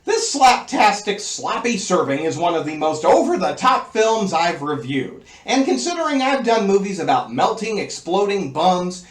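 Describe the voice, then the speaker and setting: A man hosting a comedic movie review, reeling off a long, gleefully crude list in an over-the-top way. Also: sits high. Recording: roomy echo.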